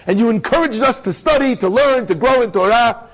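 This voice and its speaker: Man doing a grateful young man, sincere, eager, highish voice. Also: brisk, fairly bright tone, full character voice.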